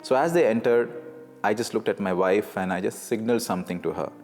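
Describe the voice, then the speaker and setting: Low-voiced man, earnest. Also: darkish tone. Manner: earnest storytelling with halting restarts. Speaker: testimony speaker. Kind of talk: personal faith testimony. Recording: echoey hall with faint guitar.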